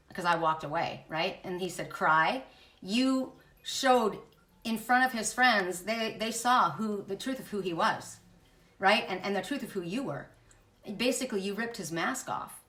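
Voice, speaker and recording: A woman's voice: medium pitch, sharp tone, roomy sound, distant mic. A middle-aged woman, a spiritual reader, telling a personal story in a candid, blunt way and swearing when angry. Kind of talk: emotional personal monologue.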